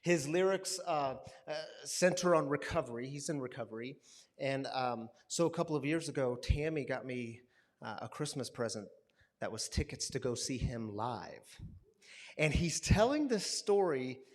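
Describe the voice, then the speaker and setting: A man's voice: mid-range voice, normal speed. A man pastoring a recovery community, telling a story in a sermon and acting out the quotes and sounds. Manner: animated storyteller, acts out quotes and buzzing sounds. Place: gathering hall with a live audience.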